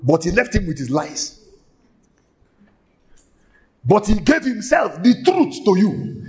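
High-pitched emphatic male preacher. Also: sing-song, takes it slowly. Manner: shouting, emphatic, with sudden exclamations; repeats phrases rhythmically and laughs between lines. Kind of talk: sermon.

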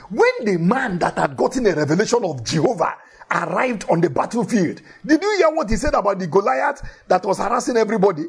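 A man's voice: sits high, very animated, moderate pace, gravelly, slightly rough. A man preaching a sermon in an emphatic way, repeating key phrases for effect and telling Bible stories with animation.

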